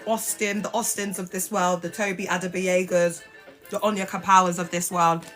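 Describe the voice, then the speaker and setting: A woman's voice: on the low side, level tone, moderate pace, fairly bright tone, soft background music. A woman talking bluntly and sassily on a phone live stream, swearing freely. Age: adult mother. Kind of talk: casual live stream talk.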